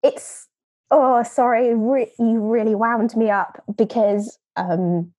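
A woman's voice: a little high, fairly even intonation, takes it slowly, a little mellow, dry recording. Brief: a woman as a blunt, rambling charity spokeswoman, dry close sound. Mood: defiant. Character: callous woman nature trust spokesperson, blunt. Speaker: interviewee. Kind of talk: scripted comedy podcast.

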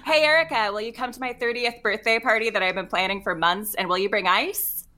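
A woman playing a bright-voiced, oversharing American podcast host. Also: on the high side, fairly quick. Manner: awkward, oversharing, giggly. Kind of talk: improvised comedy sketch.

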